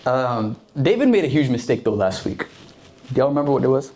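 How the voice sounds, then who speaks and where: A man's voice: mid-range voice, very animated, a little fast, darkish tone. A young man preaching a casual sermon to a youth group, slangy and conversational, acting out the characters.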